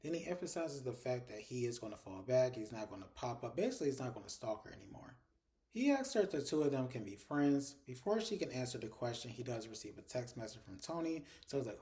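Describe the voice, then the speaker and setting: A man in a casual review, talking quickly in a warm, mellow voice. He retells each scene in a chatty way, slips in the characters' lines and swears freely. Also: mid-range voice, big pitch swings. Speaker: TV episode reviewer. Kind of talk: casual recap commentary.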